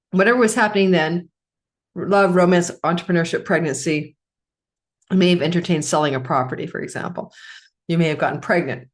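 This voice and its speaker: A middle-aged woman astrologer giving a chatty forecast, clearing her throat often and coughing, correcting herself as she goes. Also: fairly low pitch. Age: middle-aged or older.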